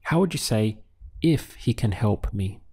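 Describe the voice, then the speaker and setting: A man teaching a language lesson, calmly prompting the listener and pausing for their answers. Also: on the low side, husky. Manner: slow, patient prompting with pauses for answers. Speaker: Spanish teacher.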